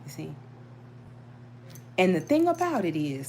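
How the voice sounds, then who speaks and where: A middle-aged woman hosting a casual chat, telling a story in an animated, preachy way. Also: normal speed, pauses often, slight background noise. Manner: animated, preachy, emphatic with sudden pitch jumps. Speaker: tarot channel host.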